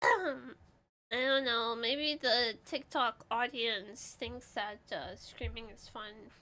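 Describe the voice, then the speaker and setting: A young woman streaming casually, congested and clearing her throat, playful and giggly with dramatic outbursts. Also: fairly high pitch, steady tone, slow pace, sharp tone.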